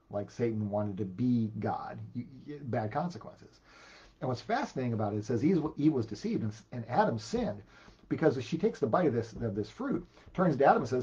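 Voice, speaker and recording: A man preaching a sermon as a pastor, animated, repeating words when he gets emphatic. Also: mid-range voice, breathy edge, muffled recording.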